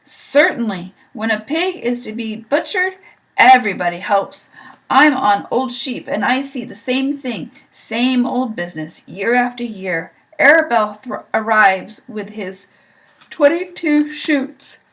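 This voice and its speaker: A woman's voice: a little high, expressive, a little slow, fairly bright tone, rough recording. A woman voicing a blunt, gloomy old female sheep who speaks in a stern, matter-of-fact way.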